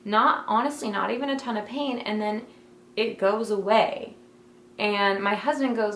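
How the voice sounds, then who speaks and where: A woman's voice: medium pitch, measured pace, a bit bright. A young woman telling a personal story in a casual, heartfelt way, full of fillers like "like" and "um", recorded at home in her bedroom. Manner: chatty, many fillers like "like" and "um"; emotional, heartfelt. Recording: echoey room, faint ambient noise.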